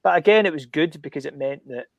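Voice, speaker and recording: A man's voice: on the high side, fast, gravelly. A man telling stories as a guest on a casual podcast, swearing freely and laughing mid-sentence. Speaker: guest comic artist.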